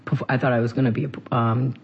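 A man from central Massachusetts, a singer being interviewed, talking casually in quick rambling bursts full of restarts. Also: medium pitch, level tone, lo-fi sound, slight background noise.

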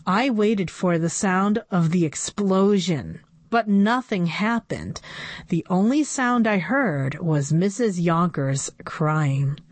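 A woman reading a children's chapter book aloud with expressive storytelling. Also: on the low side, takes it slowly, dry recording.

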